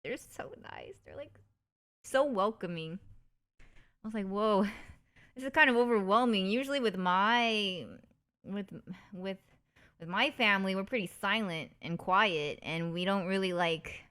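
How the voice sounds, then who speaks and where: A woman's voice: mid-range voice, unhurried, a bit bright, smooth. A woman streamer chatting casually and telling stories, often breaking into giggles.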